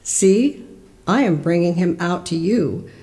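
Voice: mid-range voice, expressive, slow, mellow. A church lector reading the part of a Roman governor questioning a prisoner, lifting the voice on the questions. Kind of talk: liturgical Scripture reading.

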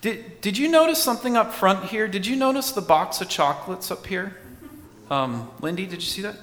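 A man's voice: sits high, expressive, normal speed, a bit bright, in a large hall. A man preaching a sermon in a conversational way, asking his congregation questions as he goes. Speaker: pastor.

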